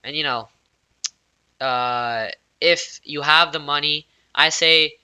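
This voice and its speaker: A man giving casual, excitable tech news commentary as a YouTuber, rambling with plenty of fillers. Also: on the high side, slow, clear, resonant tone.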